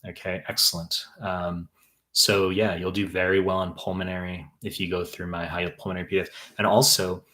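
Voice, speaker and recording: A young man tutors for medical exams on a live stream, answering viewer questions bluntly, with profanity and rambling tangents like a casual teacher. His voice is very low and flat with a bright, sharp edge, and he talks fairly quickly.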